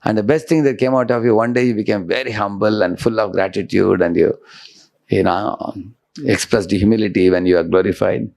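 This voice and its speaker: A man's voice: on the low side, steady tone, brisk, vocal fry, darkish tone. A monk giving a devotional lecture in a conversational way, often checking in with his listeners.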